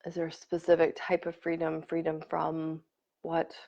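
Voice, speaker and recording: A woman coach leading a live online workshop, talking casually and warmly to viewers and greeting commenters by name. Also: sits low, completely flat delivery, normal speed, gravelly. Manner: warm and effusive, reads and greets commenters. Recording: slightly dull lo-fi stream audio.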